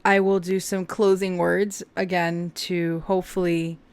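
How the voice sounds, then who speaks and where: A woman's voice: lowish voice, little pitch movement, measured pace, darkish tone, clean tone. A woman giving a casual tarot reading to camera, heartfelt and emotional as she talks straight to her viewers. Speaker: tarot reader.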